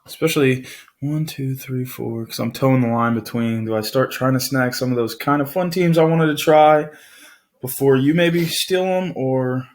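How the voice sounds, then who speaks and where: A man's voice: mid-range voice, moderate pace. A man hosting a casual tabletop game draft, thinking aloud and hesitating over his picks. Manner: thinks aloud, hesitant, counts under breath. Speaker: tabletop game channel host. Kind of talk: casual chat.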